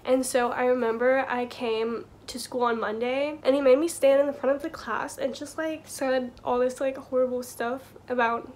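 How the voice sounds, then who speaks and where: High-voiced young woman telling a story. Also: steady tone, normal speed, hardly any pauses. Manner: soft-spoken, many filler likes, gets choked up. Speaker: vlogger. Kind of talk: casual storytelling.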